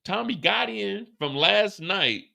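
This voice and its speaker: A man hosting a live after-show, recapping an episode in a profane, animated storytelling way. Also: sits high, takes it slowly, creaky, no room sound, clean studio sound. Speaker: show host.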